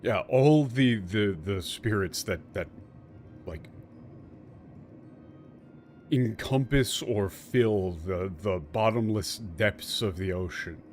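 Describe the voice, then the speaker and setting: A man's voice: lowish voice, a little mellow. Irreverent, swearing male game streamer. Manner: irreverent, swearing, halting translations. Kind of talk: casual game commentary. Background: game music.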